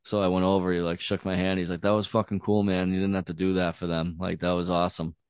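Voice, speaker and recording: Deep-voiced man telling a casual story. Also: little pitch movement, fast, clear, resonant tone, no room sound, studio quality. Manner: laid-back, profane, lots of "like" and "dude".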